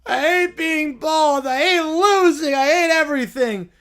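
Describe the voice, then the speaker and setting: A man's voice: very high-pitched, unhurried, fairly bright tone, voice pushed up. A man voicing a sulky, tearful bald little boy who whines and cries as he complains. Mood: sobbing. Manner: whining, crying outbursts.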